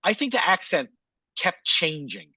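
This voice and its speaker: A man's voice: fairly high pitch, very animated, measured pace, pushed and bright, slight background noise, low-quality recording. A man co-hosting a podcast, telling a rambling story in casual chat and acting out quotes. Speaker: podcast co-host.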